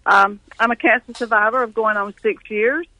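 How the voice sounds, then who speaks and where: A woman's voice: fairly high pitch, fairly even intonation, normal speed, sharp tone, no echo, low-quality recording. A woman calling in to a live show, telling her story plainly and earnestly. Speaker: caller. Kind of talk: phone-in story.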